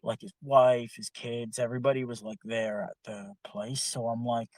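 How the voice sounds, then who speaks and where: A young man telling a long story in a casual podcast chat, animated and heavy on swearing. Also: mid-range voice, normal speed, few pauses, no room sound. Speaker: podcast co-host.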